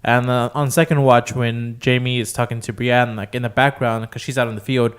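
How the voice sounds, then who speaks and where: A man's voice: mid-range voice, normal speed, clean tone. A man co-hosting a podcast, chatting loosely about a TV episode, acting out lines from the characters and swearing freely. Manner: loose and animated, acts out quotes, swears freely. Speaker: podcast co-host. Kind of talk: casual recap chat.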